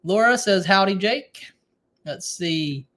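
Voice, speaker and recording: A man with a drawl hosting a casual homestead livestream from his kitchen, reading out viewer comments and chatting, sometimes keeping his voice low. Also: animated, slow, bright, forceful tone. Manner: chatty, reads viewer comments aloud, keeps voice low at times. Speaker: livestream host. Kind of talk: casual live-stream chat.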